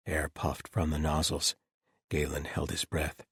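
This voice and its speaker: A man narrating a fantasy audiobook with expressive storytelling. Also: a bass voice, unhurried, husky, dry recording, clean studio sound. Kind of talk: scripted narration.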